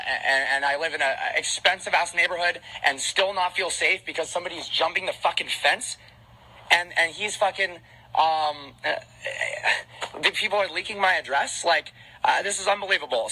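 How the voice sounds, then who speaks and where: A man in his twenties ranting on a livestream from his home, anxious and panicked, talking fast with restarts and swearing. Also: a little high, pushed and bright, low-quality recording. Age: 20s. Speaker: car content creator on a livestream. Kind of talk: agitated livestream rant. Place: at home, alone.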